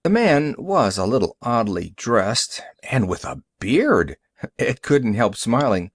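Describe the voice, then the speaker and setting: A man's voice: medium pitch, takes it slowly, dry recording, studio quality. A man reading a short story aloud as an audiobook narrator, telling it steadily. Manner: steady storytelling with varied voices. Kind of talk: scripted narration.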